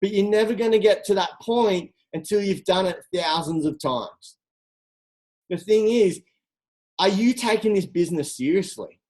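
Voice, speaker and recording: A coach speaking to a team on a call. The delivery is energetic and direct, built on rhetorical questions that push listeners to act. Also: medium pitch, moderate pace, poor audio. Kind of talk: motivational talk on a group call.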